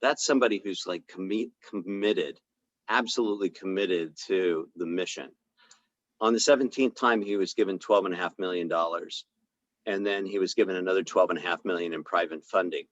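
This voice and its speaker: A man, a chiropractor, telling a story in a relaxed conversational way, acting out the dialogue and using plenty of fillers. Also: low-pitched, a little fast, no room sound, highs cut off. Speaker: chiropractor speaking on a health podcast. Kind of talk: casual storytelling talk.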